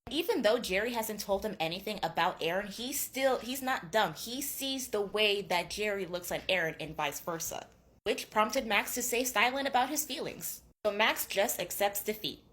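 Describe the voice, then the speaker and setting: This twentysomething booktuber recaps a novel in a loose, gossipy style, with big pitch jumps whenever something gets to her. The swearing comes easily, as if she's with a friend. She sounds lively and fairly bright, speaking at an ordinary pace.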